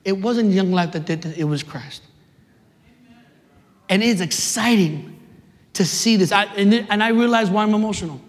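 Man preacher with a very high voice, impassioned and repetitive, sermon delivery with sudden shouts, long hall reverb. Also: moderate pace, pauses often. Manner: impassioned, repeats phrases, swings from shouting to hushed.

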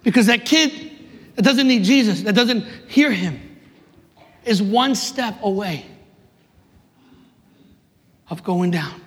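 A man, preaching passionately to young people, rising to emphatic shouts and dropping in joking asides. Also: high-pitched, expressive, takes it slowly, long pauses. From New York City, USA. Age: 30s. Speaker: youth minister. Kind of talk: preaching to a live audience. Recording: reverberant hall.

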